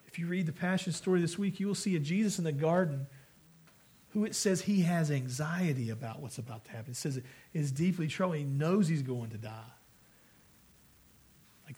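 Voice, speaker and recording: A man's voice: a little high, a little mellow, husky. A man preaching a sermon as pastor, earnest and conversational, with frequent restarts.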